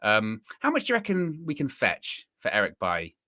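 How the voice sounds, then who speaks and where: A man's voice: mid-range voice, wildly swooping pitch, fairly quick, sharp tone, no echo, clean studio sound. A young man hosting a football fan live stream, chatting casually, bantering and plugging the channel. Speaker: host of a football fan show.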